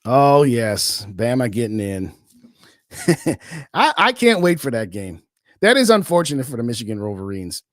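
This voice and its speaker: A man's voice: medium pitch, big pitch swings, normal speed, no echo, clean studio sound. A man hosting a sports podcast, chatting casually and answering viewer comments in an opinionated, colloquial way. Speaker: podcast host. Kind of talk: casual live-stream sports talk.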